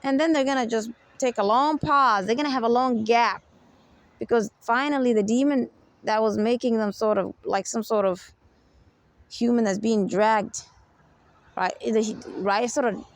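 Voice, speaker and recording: A woman's voice: a little high, normal speed, dry recording. A woman speaking in an unscripted advice monologue, emphatic and repetitive, often checking in with the listener. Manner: emphatic, keeps asking "you get me?". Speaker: self-help speaker.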